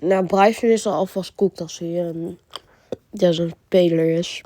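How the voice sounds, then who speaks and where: Mellow-voiced Dutch woman reacting. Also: fairly low pitch, steady tone, moderate pace, a little hiss or hum. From Netherlands. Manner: short exclaimed reactions. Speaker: reaction video host. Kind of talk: casual reaction commentary.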